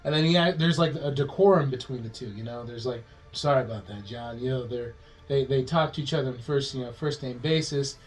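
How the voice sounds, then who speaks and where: A man co-hosting a podcast, pitching a movie plot in a rambling, swearing way and acting out the characters' lines in quick changing voices. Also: poor audio. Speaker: podcast co-host.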